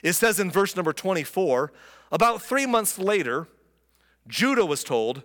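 A man's voice: high voice, very animated, normal speed, fairly bright tone. Wry preacher man in an echoing hall. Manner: conversational, wry, acts out the characters. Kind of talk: sermon retelling scripture. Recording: long reverb of a large room.

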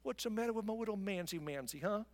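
A man's voice: sits high, expressive, quick pace, long reverb tail, voice pushed up. A man voicing a queen who coddles and mocks her sulking husband like a baby. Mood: coddling, mocking.

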